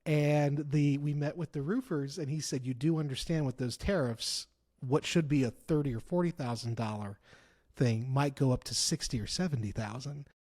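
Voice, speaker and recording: A man talking politics as a guest in a casual conversation, telling stories with emphatic repeats and bursts of loud laughter. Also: on the high side, moderate pace. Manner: animated storyteller, laughs loudly, repeats for emphasis. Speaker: author and guest.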